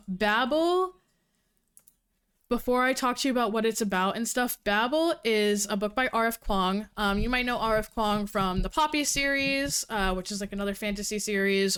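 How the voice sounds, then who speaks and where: A woman livestreaming casual chat with her viewers, talking fast and cursing freely, a little out of breath. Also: medium pitch, a bit bright, clear, resonant tone. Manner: fast-talking, profane, giggly. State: slightly out of breath. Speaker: livestreamer reviewing books.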